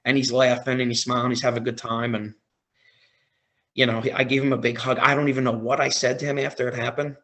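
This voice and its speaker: A man on a podcast as a guest, telling a story in a casual, excited way, often quoting his own reactions. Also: mid-range voice, fast. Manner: excited, retelling with quoted reactions.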